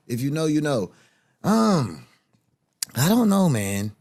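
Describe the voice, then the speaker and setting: High, lively-voiced man ranting on stream. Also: slow, dry recording, studio quality. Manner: profane, blunt, mocking rant. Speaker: host reacting to music videos. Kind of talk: casual reaction commentary.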